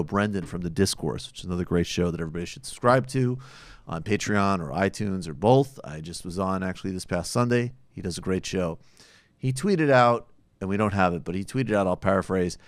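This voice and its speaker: A man's voice: sits low, no room sound. A man hosting a podcast, giving blunt, opinionated political commentary that is profane at times. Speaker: podcast host.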